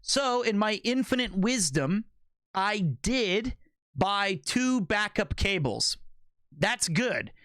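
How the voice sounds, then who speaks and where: A man's voice: sits high, very animated, slow pace, a bit bright, no echo, studio quality. A man livestreaming and chatting casually with viewers, playful and joking, swearing freely.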